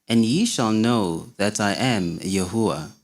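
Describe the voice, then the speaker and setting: A man's voice: on the low side, measured pace. Man reading scripture aloud. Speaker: scripture reader.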